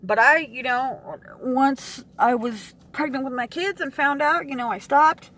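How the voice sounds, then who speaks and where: A woman vlogger venting to her camera, frustrated and swearing, with sighs and pauses. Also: high voice, fairly bright tone.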